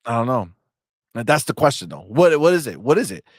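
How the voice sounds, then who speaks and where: A man co-hosting a gaming talk show, heckling and swearing in animated casual chat. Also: mid-range voice, fairly quick, no echo, clean studio sound. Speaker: podcast co-host.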